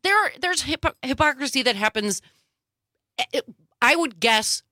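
A woman's voice: high-pitched, animated, moderate pace, pushed and bright, no echo, clean studio sound. A woman co-host giving emphatic, indignant political commentary.

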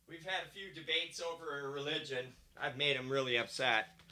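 A male radio host with a bright, forward tone, chatting loosely on air. He jokes at his own expense and talks about years of smoking. Relaxed, rambling studio banter. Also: a little high, moderate pace. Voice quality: smoker's voice. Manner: self-deprecating, joking. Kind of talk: casual on-air chat.

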